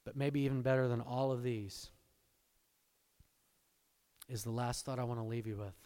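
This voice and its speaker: A man preaching a sermon, swinging between hushed, intense lines and loud, exultant emphasis. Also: medium pitch, steady tone, moderate pace. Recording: long hall reverb.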